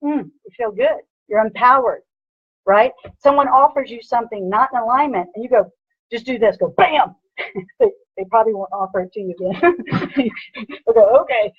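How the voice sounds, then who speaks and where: A woman personal trainer giving an energetic motivational lecture, punchy and repetitive, with a husky voice. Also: fairly high pitch, normal speed, dry recording, highs cut off. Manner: energetic, punchy, repeats "bam" and "right?".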